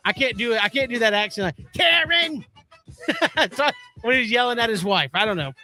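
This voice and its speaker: A man hosting a sports radio show, talking casually and in a relaxed way, then doing the show plugs. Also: sits high, quick pace, soft background music.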